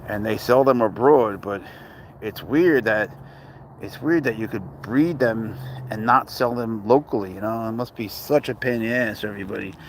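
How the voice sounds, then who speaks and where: This man from Canada talks at a moderate pace during his pet livestream, with slight noise in the background. He greets viewers by where they're watching, keeps the chat casual and full of slang, and slips into high, playful baby talk with his pet.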